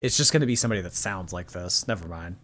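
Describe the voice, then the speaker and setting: A woman's voice: a bass voice, expressive, fast talker, fairly bright tone. A woman hosting a livestream, chatting sarcastically and reading viewer messages aloud, with a light lilt. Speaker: host. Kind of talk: casual livestream commentary.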